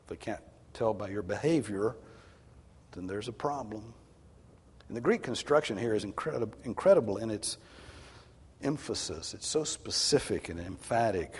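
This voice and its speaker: A male pastor preaching a sermon, swinging from hushed tones to loud, emphatic exhortation. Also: lowish voice, animated, moderate pace, pauses often, husky. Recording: long hall reverb.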